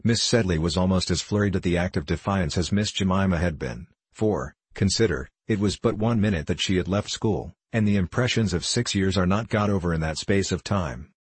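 A man narrating a classic novel as an audiobook in a measured, even reading. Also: deep voice, slightly rough, no echo.

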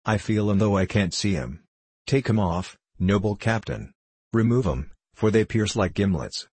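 A man voicing a blind male cellar host who fawns and flatters with mock-grand speech, in a low husky voice. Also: normal speed, dry recording. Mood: fawning flattery. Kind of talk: audiobook character reading.

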